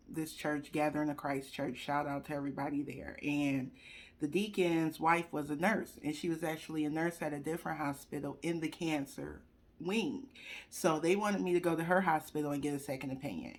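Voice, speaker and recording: A woman's voice: deep voice, normal speed. Young woman vlogging a personal story into a webcam, chatty and close to tears. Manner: chatty, addresses viewers directly; fighting back tears. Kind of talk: emotional personal testimony. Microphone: computer webcam.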